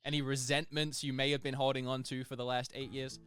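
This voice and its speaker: A man's voice: mid-range voice, little pitch movement, fast talker, a bit bright, clean tone. A man co-hosting a casual podcast, laughing often and teasing his guest playfully. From Australia. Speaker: podcast co-host.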